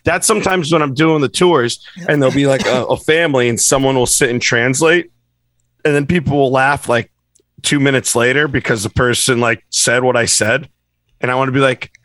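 A man co-hosting a casual podcast, chatty and agreeable, quick to jump in. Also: mid-range voice, fairly bright tone, dry recording. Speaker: podcast co-host and tour guide. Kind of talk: casual chat.

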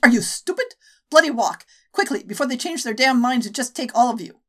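A woman's voice: medium pitch, fast talker, lightly acted. A woman voicing a brash young woman rescuer who swears and scolds impatiently, in an audiobook story.

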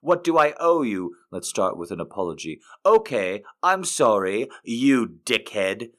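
A man hosting a show and reading poems aloud in an expressive way, lifting some lines and dropping others to a hush. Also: on the low side, a little slow. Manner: expressive reader, swings between lifted and hushed phrases. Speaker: host. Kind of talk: poetry reading.

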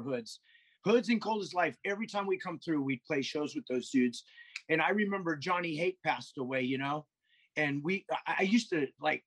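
Husky high-voiced man telling stories. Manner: animated storyteller, swears a lot, acts out quotes. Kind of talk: casual podcast chat.

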